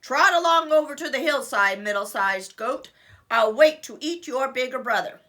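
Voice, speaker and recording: A woman's voice: high voice, lively intonation, normal speed, pushed and bright. A woman voicing a mean old male troll who lives under a bridge, roaring and menacing at a storybook read-aloud.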